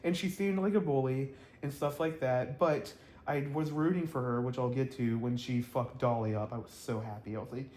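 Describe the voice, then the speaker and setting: A man's voice: mid-range voice, steady tone, normal speed, a little mellow, roomy sound, slight background noise. A man reviewing a reality TV episode to camera in a blunt, gossipy, rambling way, with lots of fillers and laughs. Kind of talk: casual vlog commentary. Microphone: camera mic, talking to camera.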